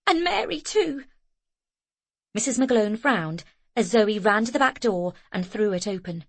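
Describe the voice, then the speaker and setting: A woman's voice: medium pitch, moderate pace, no room sound. Woman narrating an audiobook. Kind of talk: scripted narration.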